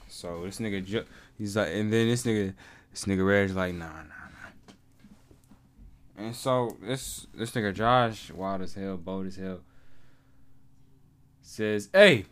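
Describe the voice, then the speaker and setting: Hosting a solo podcast, a young man spins stories in relaxed, slang-filled conversation and laughs frequently. He speaks smoothly at a measured pace in a lowish voice.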